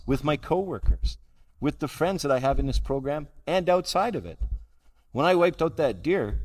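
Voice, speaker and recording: Older man, blunt self-deprecating storyteller, recovery talk, long hall echo. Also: medium pitch. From Canada. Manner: blunt, wry self-mocking humor. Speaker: recovery meeting speaker. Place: large convention hall. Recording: hall reverb from a live talk.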